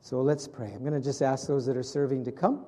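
A man preaching a conversational sermon as pastor, asking his congregation questions and dropping softer for prayerful moments. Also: medium pitch, steady tone, a little fast. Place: church hall with congregation. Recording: long hall reverb.

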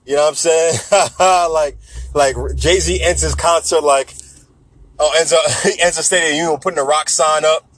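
A man's voice: on the high side, fairly even intonation, normal speed, a bit bright, rough recording. A man in a casual, profane, joking rant who keeps slipping into mock voices. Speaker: vlogger.

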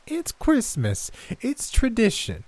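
A man voicing a menacing, sing-song old grandmother in a high falsetto that is sickly sweet and turns to growls. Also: huge pitch swings, slow pace, no echo, full character voice. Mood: strained cheery.

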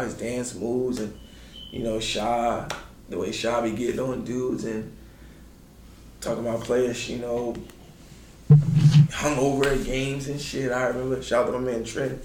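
Slangy man, roomy recording. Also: normal speed. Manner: animated, acts out quotes with big pitch jumps; laid-back slangy talk. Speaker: former college basketball player telling stories. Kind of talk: casual storytelling. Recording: roomy sound with faint noise.

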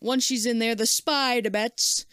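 A woman in her thirties with a fairly high, smooth voice calmly fills in plot details in a casual podcast chat. She sounds close and dry. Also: measured pace, no room sound. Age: 30s. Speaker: podcast co-host. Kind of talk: casual chat recapping a cartoon.

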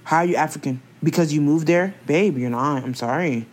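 A young woman in casual chat, talking in an animated, slangy, expressive way. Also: deep voice, brisk.

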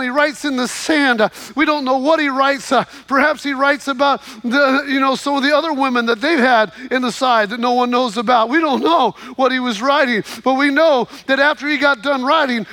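A preacher delivers a sermon with dramatic storytelling and fervent exhortation. His voice is very high and bright. The sound is close and dry. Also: no room sound.

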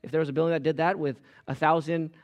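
A man preaching a sermon as pastor, emphatic, swinging from loud rises to quiet drops. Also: a little high, steady tone, quick pace, lo-fi sound. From Los Angeles area.

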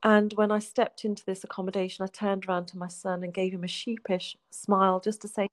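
A woman's voice: medium pitch, level tone, brisk, hardly any pauses, dry recording. Heartfelt woman in her forties. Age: 40s. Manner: heartfelt, often dropping to a soft hush. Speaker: guest sharing her life story. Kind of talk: emotional personal storytelling.

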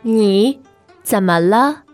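Woman, language podcast co-host, slow careful delivery, giggly, faint music underneath. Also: medium pitch, expressive, darkish tone. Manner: laughs easily, slow careful model phrasing. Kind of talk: casual teaching chat with slow model phrases. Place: studio in China.

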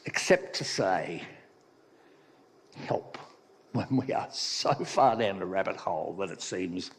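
A man's voice: expressive, moderate pace, husky. A man preaching a sermon in a conversational storytelling manner, with echoey hall reverb. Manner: conversational storytelling, sometimes soft and low.

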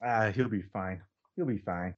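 A man hosting a casual podcast, relaxed and jokey, sometimes trailing off quietly. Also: lowish voice, measured pace, muffled recording. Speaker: podcast host. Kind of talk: casual chat.

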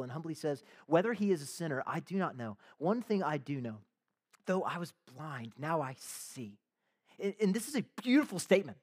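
A man preaching a sermon as pastor, talking conversationally and acting out the voices of the people in the story, with casual slang asides. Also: high-pitched.

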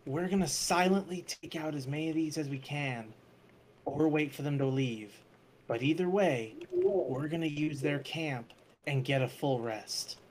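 A man's voice: on the high side, a little slow, darkish tone, slight background noise. A man playing a tabletop game with friends, cracking jokes and laying out his character's plans. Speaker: player. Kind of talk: casual tabletop game chat.

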